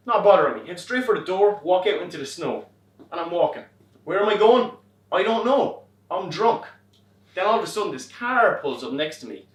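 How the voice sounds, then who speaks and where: A young Irish man performing a wry comic monologue on a theatre stage, swearing and animated as he tells a story. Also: high-pitched, normal speed. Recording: roomy stage from far off.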